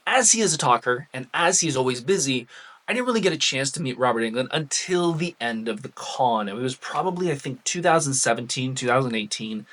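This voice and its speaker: Bright-voiced man telling a story. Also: medium pitch. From Canada. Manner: chatty, animated storyteller. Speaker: cosplay vlogger. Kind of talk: casual storytelling to camera.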